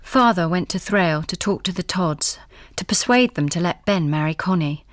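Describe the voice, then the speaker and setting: Calm, low-pitched woman narrator, dry. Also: normal speed, dry recording. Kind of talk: reflective radio drama narration.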